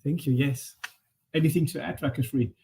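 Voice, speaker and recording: A middle-aged man moderates an online panel. His voice sits fairly high for a man, and he speaks in a friendly, hesitant way, often restarting his sentences. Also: steady tone, normal speed, dark tone, slight background noise. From Germany. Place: indoors by a sunny window.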